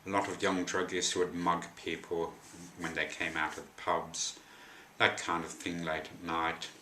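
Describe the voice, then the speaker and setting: A man with a low voice tells a personal story to camera, wandering off into dry, wry asides. His tone is bright and forceful despite the depth, and the sound rings around an echoey room. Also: level tone, moderate pace, slight background noise.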